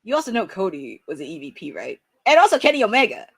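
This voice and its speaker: A woman's voice: mid-range voice, sing-song, fast, gravelly, fairly bright tone, husky. A woman co-hosting a wrestling watch-along, giving casual live commentary in a chatty, wry, sarcastic way.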